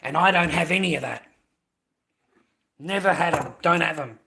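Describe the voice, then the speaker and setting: Australian man, late fifties, on a live stream. Sharp, bright edge, pitched a touch high; combative, swears constantly. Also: normal speed, gravelly. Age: 50s. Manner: blunt, heavy swearing, repeats himself, combative. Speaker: livestreamer. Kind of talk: profane angry rant to a live stream.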